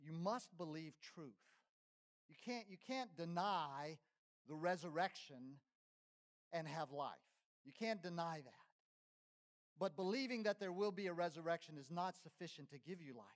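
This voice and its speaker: A high-pitched man preaches from the pulpit with emphatic delivery. His voice rises forcefully on key phrases and drops to a hush between them. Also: expressive, normal speed. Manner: emphatic preaching, rising and dropping in volume. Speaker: pastor. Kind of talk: sermon.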